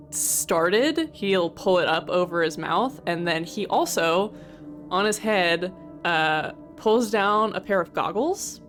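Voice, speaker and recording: A woman playing a tabletop game, describing her character in loose, rambling casual talk. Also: on the low side. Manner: excitable, swears a lot, rambling descriptions. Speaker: player.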